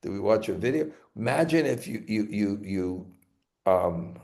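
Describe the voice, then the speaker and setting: Here a Brooklyn-accented spiritual teacher runs a scripture class in a fairly low, gravelly, somewhat mellow voice that stays expressive. His delivery is halting, with frequent repetitions and restarts.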